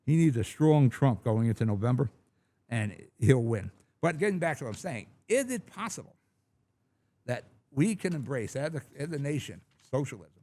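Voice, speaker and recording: A man's voice: medium pitch, big pitch swings, normal speed, mellow. A middle-aged man hosting a talk radio show from a large studio, giving a blunt, opinionated, rambling monologue.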